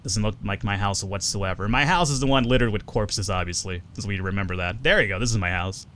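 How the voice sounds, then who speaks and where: A young man chatting casually through a survival game, swearing often and jumping up in pitch when excited. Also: brisk, slight background noise. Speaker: gaming video host. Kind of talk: casual let's play commentary.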